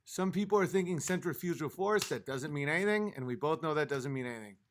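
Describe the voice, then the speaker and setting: With a little hiss or hum in the background, a man with a fairly high, animated voice talks quickly. A few drinks in on his late-night livestream, he reads chat comments out loud and rants heatedly, swearing a lot.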